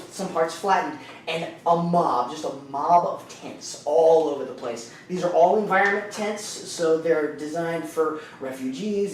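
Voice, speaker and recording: A man's voice: fairly high pitch, a little hiss or hum. A man narrating a tabletop game as game master, in a laid-back, rambling way. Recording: echoey room, mic far off.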